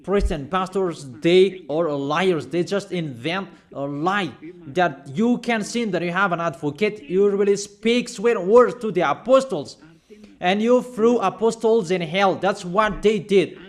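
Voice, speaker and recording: High-voiced man preaching emphatically. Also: unhurried. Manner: emphatic, repetitive preaching, reads out verses. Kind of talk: sermon.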